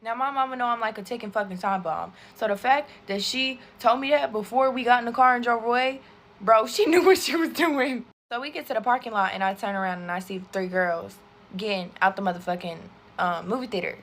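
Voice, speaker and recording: A young woman in her twenties telling a storytime while getting ready, animated and swearing constantly. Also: on the high side, brisk. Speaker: TikTok storyteller. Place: bedroom.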